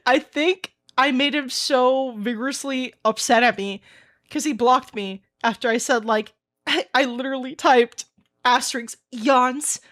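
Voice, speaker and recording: Bright high-voiced female streamer, lively casual storytelling with frequent laughter. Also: measured pace. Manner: animated storytelling, laughs often. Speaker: VTuber streamer. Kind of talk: casual live-stream chat.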